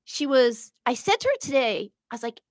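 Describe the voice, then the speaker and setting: Middle-aged woman co-host, high-pitched and animated, dry recording. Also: fairly quick, dry recording. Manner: emotional, animated storytelling with acted quotes. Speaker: podcast co-host. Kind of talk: casual chat.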